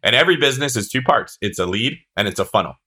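A man hosting a podcast interview, talking in an energetic way as he breaks ideas down into smaller pieces. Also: medium pitch, very fast. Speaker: podcast host.

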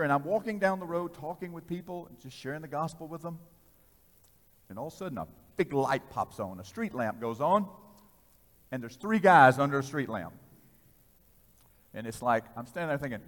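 Male preacher, storytelling sermon, swings from loud to hushed, reverberant hall. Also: a little high, lively intonation, a little fast.

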